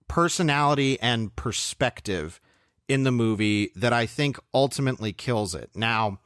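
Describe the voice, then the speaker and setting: A man co-hosting a film review podcast, talking in a measured, thoughtful way with clear opinions. His voice sits at an ordinary middle pitch. The sound is dry and close, with no room echo. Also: a bit bright. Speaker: podcast co-host. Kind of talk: casual film review chat.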